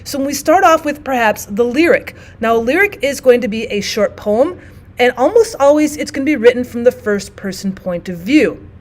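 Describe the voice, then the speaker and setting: Female teacher, fairly high pitch, patient classroom explainer who slows down to read poems. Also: animated. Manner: explains step by step, reads poems aloud slowly. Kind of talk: classroom lesson.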